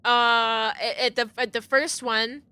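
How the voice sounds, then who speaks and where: Young woman streamer, high and bright, excitable and foul-mouthed, gasps a lot. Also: slow pace, clear, resonant tone, no room sound. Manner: excitable, swears freely, gasps and shrieks. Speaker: game streamer. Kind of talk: live gameplay commentary, reading game text aloud.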